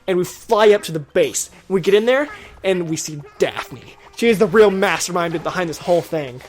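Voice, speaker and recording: Animated young woman spinning a story. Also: on the low side, normal speed. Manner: animated, teasing, acts out the characters. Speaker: let's play co-host. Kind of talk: playful storytelling over gameplay.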